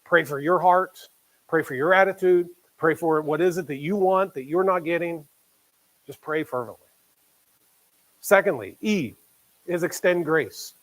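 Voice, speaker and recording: Male pastor, fairly high voice, chatty sermon delivery with dramatized quotes and hushed emphasis. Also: a little slow, long pauses, rough recording. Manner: conversational preaching, acts out quoted voices, drops to quiet emphasis.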